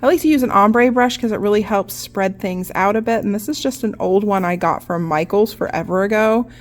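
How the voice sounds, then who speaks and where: A young woman, a nail artist, giving a relaxed, chatty step-by-step nail art tutorial, often saying "like". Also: mid-range voice, fairly quick.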